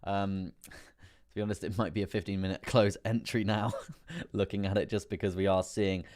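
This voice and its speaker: A man hosting a live trading stream, chatty and rambling with many fillers, laughing often and getting excitable as prices move. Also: sits low, moderate pace. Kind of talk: live stream market commentary.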